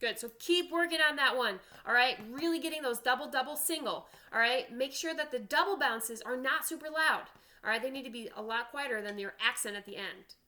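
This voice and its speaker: A woman's voice: sits high, a little fast, very noisy. A woman band teacher giving an online drum lesson, counting aloud and checking in with "all right?".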